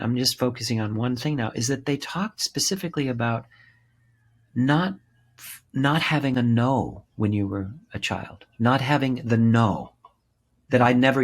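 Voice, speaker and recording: A man in his sixties, a guest telling his story in a candid interview, impassioned and repeating words for emphasis, swearing freely. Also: mid-range voice. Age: 60s. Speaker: podcast guest, author and actor.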